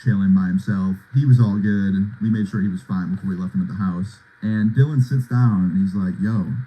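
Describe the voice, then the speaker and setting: A man's voice: low voice, a little fast, mellow, breathy edge, rough recording. A young man in his twenties telling a story on a livestream in laid-back, slangy talk full of "like" and "bro". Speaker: livestream host.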